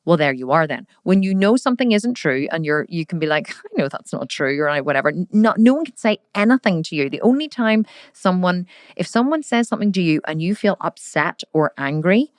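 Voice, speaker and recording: Woman, podcast host and coach, lively and direct with the listener, lowish voice, dry sound. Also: fairly quick, dry recording. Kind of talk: casual motivational podcast monologue.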